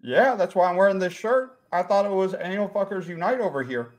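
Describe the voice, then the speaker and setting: A man doing a clueless Jacksonville visitor, halting. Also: sits high, a little mellow, voice pushed up, natural voice. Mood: naive, earnest. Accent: put-on Jacksonville, Florida. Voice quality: hesitant, halting, naive delivery.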